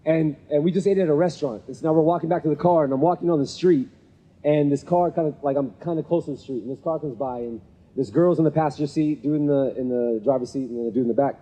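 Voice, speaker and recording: A man's voice: on the high side, fast, warm tone. A man giving a storytelling talk to a live audience at a gathering. He keeps checking in with "right?" and acts out the people in his stories. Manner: conversational, checks in with 'right?' often. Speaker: speaker at a men's gathering. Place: event venue with a live audience. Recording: long reverb of a hall.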